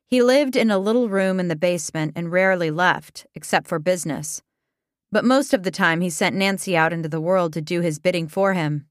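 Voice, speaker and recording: A woman reading a comic story aloud as narrator, in a deadpan way. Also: on the low side, a little fast, no room sound, studio quality.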